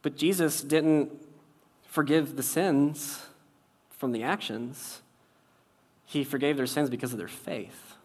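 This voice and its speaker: A man preaching a conversational sermon, wry and casual, shifting between loud and soft for emphasis. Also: on the high side, fairly even intonation, slow, long pauses. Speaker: pastor.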